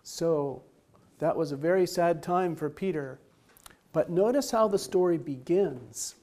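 A man's voice: fairly high pitch, measured pace, mellow. A man teaching a Bible lesson, retelling the story in simple words and stopping to ask questions.

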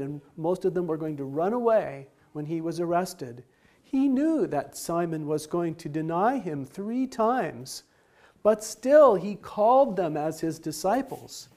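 Slow, high-voiced man telling a Bible story. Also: warm tone. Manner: simple explanatory retelling with asked questions. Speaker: Bible teacher.

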